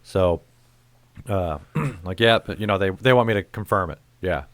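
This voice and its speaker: A man hosting a casual chat, telling stories in an animated, profane way. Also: low-pitched, moderate pace, no room sound. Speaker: podcast host.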